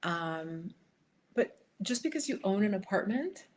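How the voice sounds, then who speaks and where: A woman hosting a livestream, chatting with viewers and reading cards for them, sometimes dropping to a soft whisper while she shuffles. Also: mid-range voice, sing-song, measured pace. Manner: chatty, riffing, addresses viewers by name. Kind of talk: casual live chat with tarot readings. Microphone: headphones.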